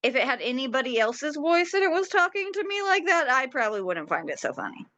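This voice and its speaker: A woman's voice: sits high, very animated, bright, forceful tone, dry recording, highs cut off. A woman co-hosting a podcast, chatting casually, laughing often and humming along as she listens. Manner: laughs often, drawn-out hums. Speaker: podcast co-host. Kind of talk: casual chat.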